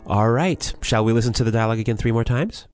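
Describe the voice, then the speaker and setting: A man's voice: medium pitch, quick pace, loud music behind the voice. A man hosting a language lesson, asking his co-host questions in a friendly way and laughing often. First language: English.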